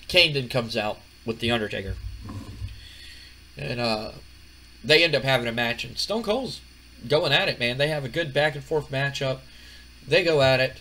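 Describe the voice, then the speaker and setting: A man's voice: mid-range voice, slight background noise. A man casually commentating his wrestling management game, rambling with lots of fillers. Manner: relaxed, rambling, many fillers. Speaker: gaming channel host. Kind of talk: casual let's-play commentary.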